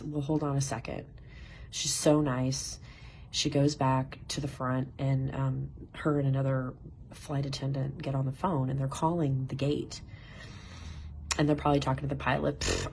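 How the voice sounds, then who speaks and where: Woman, low voice, gravelly, animated casual storytelling, faint background noise. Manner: animated, swears, laughs through the story. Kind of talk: casual personal anecdote.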